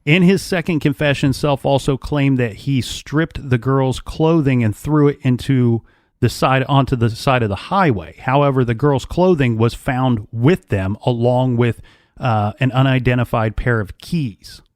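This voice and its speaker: A man co-hosting a true crime podcast, recounting case details at a quick clip with dry asides. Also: medium pitch, a little mellow, dry recording. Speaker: podcast co-host.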